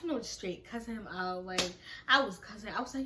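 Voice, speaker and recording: A young woman telling a heartbreak story to her camera in a casual vlog style. She acts out both sides of the texts and goes off in loud, heated bursts, then drops low and soft again. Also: lively intonation, fast talker, noisy background. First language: Nigerian heritage, speaks English.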